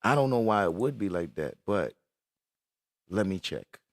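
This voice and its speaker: A man's voice: deep voice, sing-song, measured pace, no echo, clean studio sound. A man live-streaming casual chat from his computer, swearing in frustration and greeting viewers as he works.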